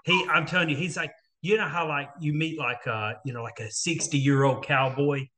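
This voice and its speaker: A man's voice: on the high side, fairly even intonation, moderate pace, bright, forceful tone. A man co-hosting a casual podcast, talking with enthusiasm and saying "dude" and "like" a lot. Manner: enthusiastic, says "dude" and "like" often.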